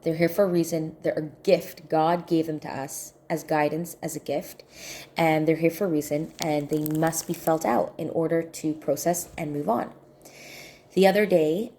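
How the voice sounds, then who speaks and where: Casting: woman, lowish mellow voice, earnest storyteller who repeats her points, faint hum behind. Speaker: healing coach. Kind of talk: personal story, casual talk to camera.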